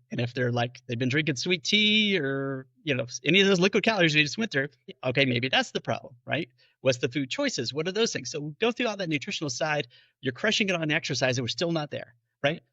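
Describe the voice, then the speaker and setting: Bright-voiced doctor explaining to patients. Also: male voice, a little high, animated, fairly quick, dry recording, lo-fi sound. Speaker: bariatric physician. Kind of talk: podcast interview explanation.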